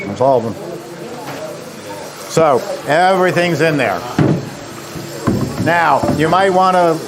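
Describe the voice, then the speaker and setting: A man's voice: a little high, animated, slow, crowd noise. A man, a company president giving a live seminar demonstration as a chatty, joking storyteller. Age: 50s or 60s.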